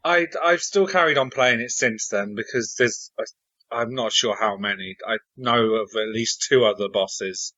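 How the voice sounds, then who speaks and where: Male panelist, wry and measured, bright tone, lo-fi muffled podcast audio. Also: fairly low pitch, no room sound. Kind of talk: casual chat.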